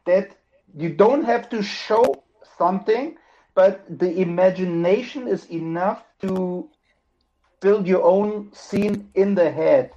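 Man, podcast guest, halting restarts, higher voice, muffled lo-fi sound. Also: dark tone. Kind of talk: casual podcast chat.

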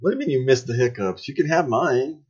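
Older guy with a husky low voice, rambly podcast host, kinda dull lo-fi sound. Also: animated, fast, a little mellow. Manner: rambling, chuckles often. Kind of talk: casual podcast chat.

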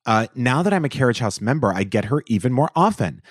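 A man's voice: medium pitch, very animated, quick pace, dry recording, clean studio sound. A man co-hosting a podcast in casual chat, playful and theatrical as he reads listener reviews aloud. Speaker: podcast co-host.

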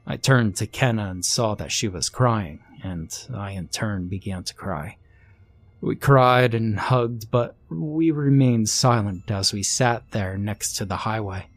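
A man reading a first-person creepypasta horror story aloud in a slow, hushed, somber narration. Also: fairly low pitch.

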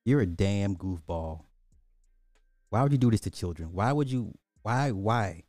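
Low mellow dude ranting, keeps repeating himself, crude and fed up. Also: male voice, animated, measured pace, dry recording, studio quality, soft background music. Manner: crude, repetitive, incredulous ranting. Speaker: online commentator. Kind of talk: casual ranting commentary.

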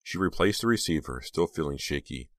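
A man narrating an audiobook in a steady, suspenseful reading. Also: extremely low pitch, fairly quick, no echo. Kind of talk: scripted narration.

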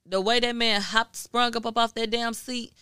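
A woman from Houston, a guest journalist on a podcast, telling a story in casual, profane, animated chat full of acted-out quotes. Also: on the high side, moderate pace, clean tone, no echo, studio quality. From Houston, Texas.

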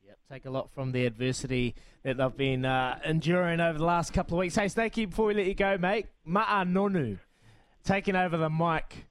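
Upbeat kiwi host guy, jokey, voice sits a touch high. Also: a little fast, smooth, no room sound. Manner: lively, joking, laughs easily. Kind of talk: casual sports chat.

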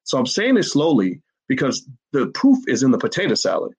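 A man's voice: medium pitch, huge pitch swings, fairly quick, a little mellow, slightly rough, muffled recording. A man giving emphatic livestream commentary to his chat, hammering points with repeated rhetorical questions. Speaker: finance commentator.

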